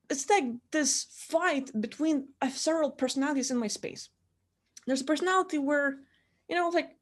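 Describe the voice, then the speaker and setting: A woman's voice: high voice, moderate pace. A young woman vlogger venting in a casual, rambling way, swearing, laughing mid-sentence and acting out what others say.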